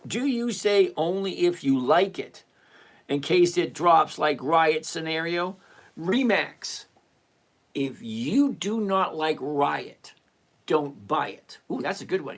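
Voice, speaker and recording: Blunt streamer host, mid pitch, lectures chat, repeats stuff, bit exasperated. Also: lively intonation, takes it slowly, fairly bright tone. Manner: mildly profane, exasperated asides. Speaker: stock trading livestream host. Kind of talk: casual live-stream chat answering viewers.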